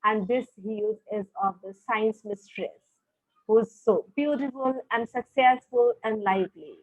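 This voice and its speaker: A woman's voice: fairly high pitch, measured pace, dry recording. A woman teaching a literature lesson over a video call. She explains each passage step by step and keeps checking understanding with "all right". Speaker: English teacher. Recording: tinny phone-like call audio.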